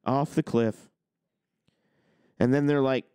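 On a trucking talk channel, a male host delivers a ranting opinion monologue full of heated sarcasm and swearing, mocking others in put-on quotes. His medium-pitched voice is sing-song, warm and smooth, moving very slowly with long pauses. The recording is dry, with clean studio sound.

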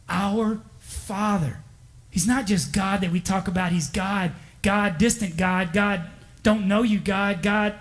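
Man, pastor, high voice, folksy emphatic sermon. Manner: folksy, emphatic preaching with repetition and small chuckles. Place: church.

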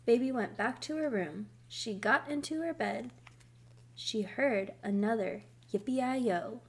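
A woman reading a children's chapter book aloud. She takes her time over every line, her voice pitched a little high and clearly expressive. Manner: slow, careful, expressive. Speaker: storybook reader.

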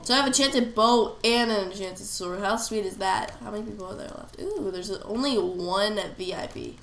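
A woman's voice: medium pitch, normal speed, fairly bright tone. A woman with a cold-stuffed nose giving casual gameplay commentary, chatting to herself as she plays. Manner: chatty, talks to herself while playing. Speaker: gamer. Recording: roomy echo, faint noise.

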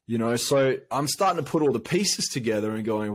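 A man's voice: fairly low pitch, a little fast, few pauses, no echo. A man from Australia, a coach, telling a long personal story in a casual interview, rambling with many fillers and restarts. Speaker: guest, coach.

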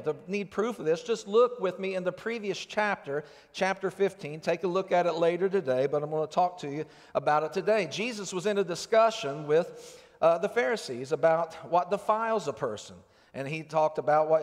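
A high-voiced male pastor delivers an earnest, conversational sermon full of rhetorical questions. The church sanctuary gives the recording a long reverb.

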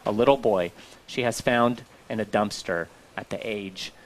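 A man's voice: fairly low pitch, moderate pace, slight background noise. A man co-hosting a talk show, speaking earnestly and reflectively with frequent fillers. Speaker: co-host. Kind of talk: casual talk-show chat.

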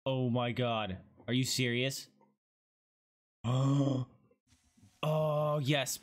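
A man streaming a video game in casual let's-play commentary, gushing and excitable, squealing and swearing as he plays. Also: medium pitch, drawn-out words. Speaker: gaming streamer.

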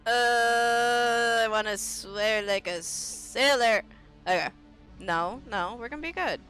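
Bright, giggly high-voiced woman streamer. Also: takes it slowly, clean tone, faint music behind. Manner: giggly, playfully self-censoring with silly stand-in words. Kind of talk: casual gameplay chat.

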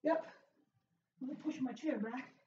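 A woman leading a home workout as a fitness instructor, cheering with loud whoops and getting out of breath as she exercises. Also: high voice, unhurried, slight background noise. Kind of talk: live workout coaching. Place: small closed room at home. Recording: roomy, distant, dull sound.

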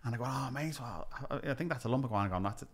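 A man's voice: mid-range voice, fast. A comedian with a Scouse accent, chatting casually on a podcast and acting out exchanges as he tells stories. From Liverpool, England. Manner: animated storytelling, acting out exchanges.

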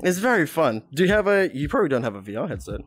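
Young australian man, lively swooping pitch, giggly, casual streamer chat, faint music behind. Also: rapid-fire, no room sound. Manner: giggly, laughs often, reads chat aloud.

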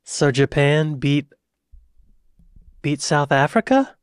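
Excitable American man reacting. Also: fairly high pitch, takes it slowly, clean tone, no room sound, studio quality. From United States. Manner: excitable, exclaiming, laughs easily. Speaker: reaction video host. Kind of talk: casual reaction commentary.

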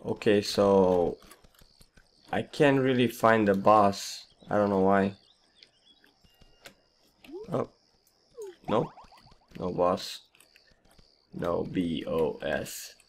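A man hosting a casual gameplay commentary, his voice partly lost, rambling and trailing off quietly. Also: on the low side, extremely slow, pauses often. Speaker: gaming channel host.

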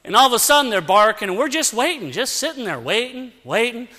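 Male preacher, lively storyteller, high bright tone, long hall echo. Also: fast. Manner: animated, acts out sounds and dialogue. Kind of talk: storytelling sermon. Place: church sanctuary. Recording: long church-hall reverb.

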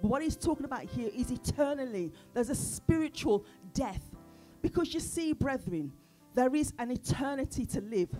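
A woman's voice: on the high side, dark tone. A woman preaching a sermon at a church service, often putting questions to the congregation.

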